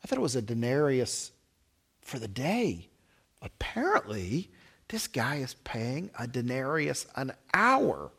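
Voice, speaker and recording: A man voicing a gleeful day laborer who talks to himself excitedly about his pay. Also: medium pitch, vocal fry, slightly rough, full character voice. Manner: excited, quick, self-talking.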